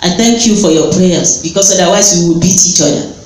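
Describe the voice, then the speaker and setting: A woman's voice: lowish voice, fairly quick, a little mellow. A woman preaching a sermon with passion, at times lifting into a sung rise. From West Africa. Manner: impassioned, with sudden sung rises. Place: church hall. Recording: very echoey church hall, faint noise.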